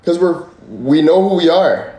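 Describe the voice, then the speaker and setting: A man's voice: on the high side, expressive, measured pace, warm tone, reverberant, slight background noise. A young man hosting a casual livestream, talking passionately and swearing a lot as he rambles and answers chat. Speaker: livestream host. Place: room indoors. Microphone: phone or camera at a distance.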